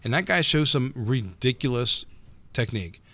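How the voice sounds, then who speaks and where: A man who teaches jiu-jitsu, talking in a casual podcast chat and telling stories in an animated way, often repeating words as he goes. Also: mid-range voice, normal speed.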